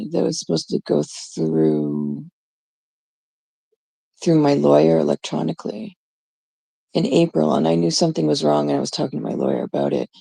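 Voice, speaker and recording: A woman's voice: low voice, vocal fry, warm tone, no echo. A middle-aged woman from Canada hosting a livestream, telling a story to her chat in a blunt way and swearing freely. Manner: blunt, swears freely, quotes others in quick asides. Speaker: livestream host. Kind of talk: casual storytelling to a live chat.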